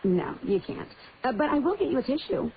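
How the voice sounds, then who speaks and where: A deadpan, unflappable dealership clerk with a high voice, in a comic radio commercial. The sound is tinny, with a busy crowd murmuring behind her. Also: brisk. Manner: deadpan, matter-of-fact. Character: dry, unflappable female car dealership clerk.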